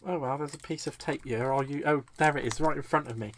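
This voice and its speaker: A fairly high-voiced man from Britain talks his way through a live crafting session. He is chatty and self-deprecating, laughing often as things go wrong. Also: quick pace, a bit bright, slight background noise. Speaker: crafting livestream host. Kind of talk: casual live chat while crafting.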